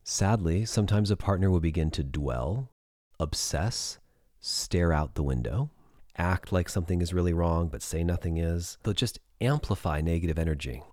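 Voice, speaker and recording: A middle-aged man hosting a podcast, giving relationship advice in a measured, explanatory monologue that slows down for emphasis. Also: low voice, a little mellow, dry recording, studio quality. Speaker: podcast host.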